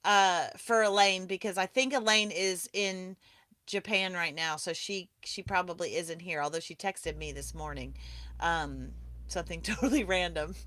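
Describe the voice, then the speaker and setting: A woman's voice: lowish voice, moderate pace, fairly bright tone, no echo. A woman hosting a live online awards broadcast, chatty and enthusiastic, laughing often as she talks over a video call. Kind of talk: casual live-stream hosting.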